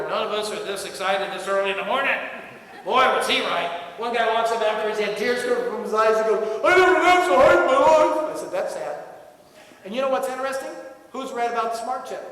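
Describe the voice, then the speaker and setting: A man giving a motivational talk to a live audience in a large room, with punchy call-and-response and jokes he shouts out. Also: sits high. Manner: punchy call-and-response, asks crowd to answer. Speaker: motivational speaker. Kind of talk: motivational talk to a staff crowd. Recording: echoey room recorded from far off.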